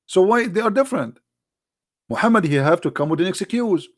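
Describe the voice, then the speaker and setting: High-voiced sarcastic man. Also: expressive, a little fast. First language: Arabic. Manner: sarcastic, emphatic rhetorical questions. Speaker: religious critic. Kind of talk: polemical monologue.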